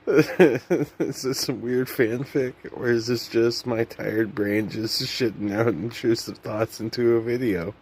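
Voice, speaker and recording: A man's voice: medium pitch, slow, a little mellow, slightly rough. A young man vlogging to camera in a rambling, self-mocking comedic monologue that often loses its thread.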